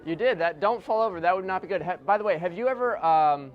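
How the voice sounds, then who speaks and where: Fast-talking male stage hypnotist. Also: highs cut off, some chatter behind. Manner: rhythmic, repetitive hypnotic suggestions, sinking low and soft on "deeper and deeper"; chatty, joking asides to the audience. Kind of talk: live hypnosis show with volunteers. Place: corporate event room with an audience. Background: faint audience.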